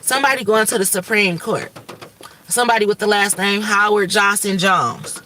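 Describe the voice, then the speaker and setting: A woman's voice: mid-range voice, normal speed, pushed and bright, far from the mic. A woman hosts a livestream, declaring visions in urgent, repetitive, profane bursts. Her voice sits a little away from the mic, and faint noise hums underneath. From Michigan. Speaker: livestream host giving spiritual visions. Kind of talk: rambling prophetic livestream talk.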